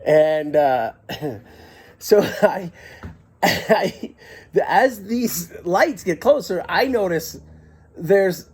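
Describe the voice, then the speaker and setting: Male comic storyteller, husky voice with a lively, swooping pitch; excitable, giggly, filmed on a handheld camera. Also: very slow, long pauses. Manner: excitable, giggling, shouts quoted lines.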